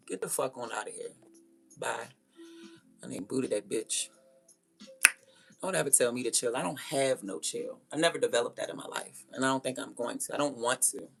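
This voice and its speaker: A woman's voice: rumbling low, normal speed, creaky, long pauses, soft background music. A young woman hosting a livestream, ranting bluntly and confrontationally with lots of profanity. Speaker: livestream host. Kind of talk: casual livestream rant.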